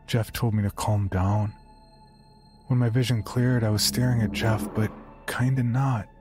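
A man narrating a horror story in a quiet, halting, subdued first-person voice. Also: mid-range voice.

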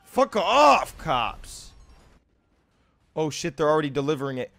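A young man with a lisp doing live gameplay commentary, who swings between low muttering and loud, swearing rage outbursts. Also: very animated, a little slow, creaky, long pauses, no echo. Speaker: gaming streamer.

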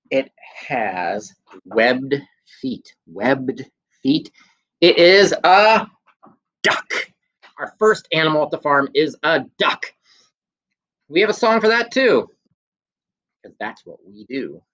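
A man's voice: medium pitch, fairly bright tone. A young man teaching a children's music class over video, playful and sing-song as he gives clues and sings simple songs. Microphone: handheld phone camera.

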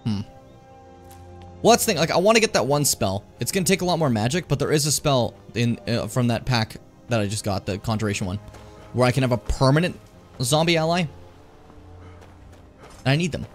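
A man's voice: medium pitch, a little fast, long pauses, faint music behind. A man streaming a fantasy role-playing game, chatting and joking with his viewers as he plays. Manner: animated, joking, talks to chat. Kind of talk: casual gameplay commentary.

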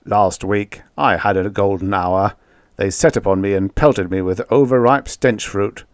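A man voicing a huge, stern alien elder who speaks in a gruff, stolid rumble. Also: unhurried, no room sound, studio quality, natural voice. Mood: grumpy.

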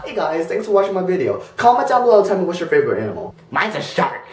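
A man vlogging comically outdoors, pleading and shouting goofily after ducks that ignore him. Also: a little high, expressive, quick pace. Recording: noisy outdoor recording.

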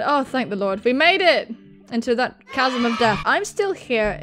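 A woman hosting a let's-play video, excitable, yelping, swearing and laughing at her own failures as she plays. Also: on the high side, unhurried, soft background music. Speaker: gaming video host.

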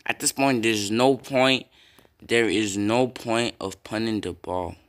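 Slow-talking young man reacting to gameplay. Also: fairly low pitch. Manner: reactive, swears often, bursts into loud yells. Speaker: gamer streaming a football video game. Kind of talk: casual gameplay commentary.

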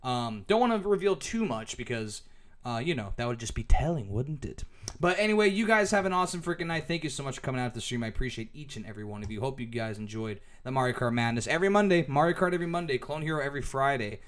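A man's voice: medium pitch, expressive, fast, a bit bright. A man commentating his own live game stream, cursing at the game and then thanking viewers. He says he is losing his voice. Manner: frustrated swearing, then friendly sign-off.

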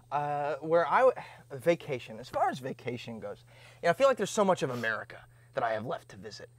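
Here the Indiana co-host's voice sits a little high and moves at a normal speed, with no room sound. He chats loosely on the podcast, a lively storyteller who acts out how he reacted.

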